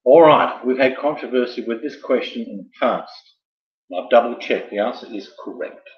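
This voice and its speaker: A man's voice: medium pitch, moderate pace. A man casually hosting a quiz night, full of joking, rambling asides. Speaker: quiz host. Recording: roomy, dull lo-fi sound.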